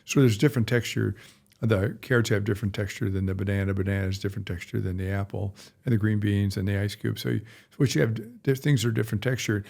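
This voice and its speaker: A man's voice: lowish voice, fairly even intonation, quick pace, gravelly, a little mellow. A middle-aged male veterinarian chatting on a podcast, rambling and folksy with blunt asides. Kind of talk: casual podcast chat.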